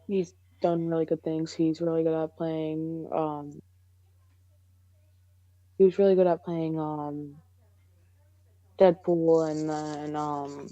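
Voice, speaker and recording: A woman's voice: low-pitched, warm tone, no echo, low-quality recording. A young woman co-hosting a podcast in casual chat, rambling and hesitant with lots of fillers. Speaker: podcast co-host.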